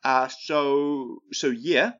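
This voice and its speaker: A man's voice: mid-range voice, very slow, a bit bright. A man giving rambling comedic advice who keeps tagging his sentences with "right?". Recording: dull lo-fi recording.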